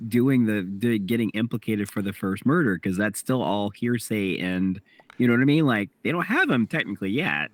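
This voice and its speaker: A man's voice: on the low side, dry recording. A man co-hosting a podcast, chatting eagerly and peppering his talk with "like". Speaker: podcast co-host. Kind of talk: casual chat.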